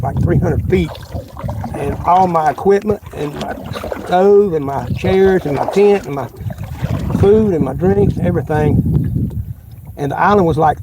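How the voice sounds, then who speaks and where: Rambling man on a windy lake. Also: on the high side. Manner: rambling, folksy, many restarts. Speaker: vlogger. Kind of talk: casual live-stream chat. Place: kayak on a windy lake outdoors. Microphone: phone. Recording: loud wind noise on a phone.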